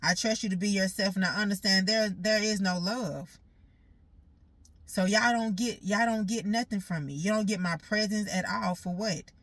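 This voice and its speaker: A woman talks through a raw personal monologue in a bright, forceful voice. She is blunt and profane, circling back to repeat her points, and sounds hurt. The sound is close and dry. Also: medium pitch, steady tone, moderate pace, no room sound.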